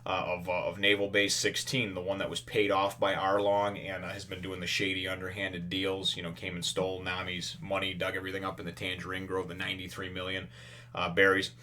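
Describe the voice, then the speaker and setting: A man with a somewhat low voice hosts a casual manga chapter review. He rambles through the plot with plenty of "uh" and "you know". Now and then he playfully acts out the characters' lines. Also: monotone, fairly quick, sharp tone. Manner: rambling, filler-heavy retelling with playful voiced-out character quotes.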